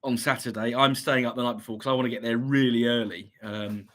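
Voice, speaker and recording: A man's voice: medium pitch, steady tone, a little fast, fairly bright tone. A man from England hosting a casual livestream, reading chat messages aloud and chatting back with many ums and restarts, a slight cough lingering. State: slight cough, recovering from illness.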